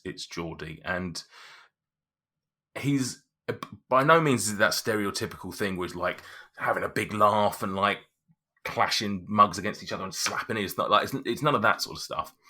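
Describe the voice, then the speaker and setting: A man's voice: on the low side, normal speed, bright, forceful tone. A man narrating a tabletop game as game master, rambling with many restarts.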